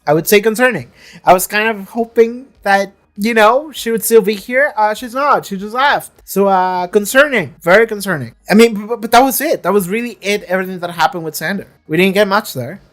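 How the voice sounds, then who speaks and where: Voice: mid-range voice, fairly quick. A reaction video creator in casual commentary, chatty and swearing freely, now and then acting out characters' lines.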